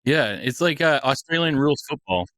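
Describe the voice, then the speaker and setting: A man's voice: a little high, expressive, moderate pace, a bit bright, no echo. A man guesting on a podcast, chatting casually in a jokey, exaggerating way and laughing often. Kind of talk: casual chat.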